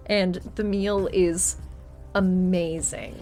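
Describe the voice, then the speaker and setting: A young woman narrating a tabletop game as game master, relaxed, with frequent ums and laughs. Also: lowish voice.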